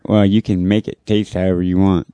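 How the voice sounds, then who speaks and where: A man's voice: deep voice, level tone, fairly quick, mellow, smooth, no echo. A man in casual chat, insistent and sure of his own advice.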